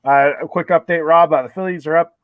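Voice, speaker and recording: A chatty man co-hosting a sports show, his voice sitting a little high for a man. It comes through dull and lo-fi, very dry with no room sound. He talks in a loose stream full of restarts and fillers. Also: fairly even intonation, a little fast, no echo. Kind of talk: casual sports talk. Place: home room, with a TV playing a ballgame behind.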